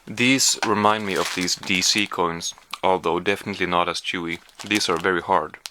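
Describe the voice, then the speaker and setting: Deep-voiced man doing a candy taste test. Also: fairly even intonation, normal speed, bright, forceful tone, a little hiss or hum. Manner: chatty, hesitant with many fillers, talking while chewing. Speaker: vlogger. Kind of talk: casual taste-test vlog.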